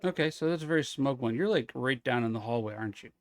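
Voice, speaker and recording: A man's voice: medium pitch, lively intonation, quick pace, no echo. A man streaming a ghost-hunting game live, thinking aloud and chatting in a friendly way with his viewers.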